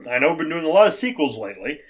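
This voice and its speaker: A man with a slightly high voice talks through a movie review with wry, sarcastic asides. His tone stays relaxed and conversational. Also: racing. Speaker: podcast co-host. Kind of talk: casual movie review chat.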